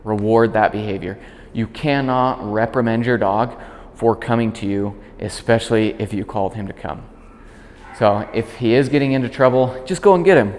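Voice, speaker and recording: A man working as a dog trainer, calmly explaining a demonstration and switching to short, clear commands for the puppy. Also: lowish voice, normal speed, in a large hall. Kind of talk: instructional demonstration.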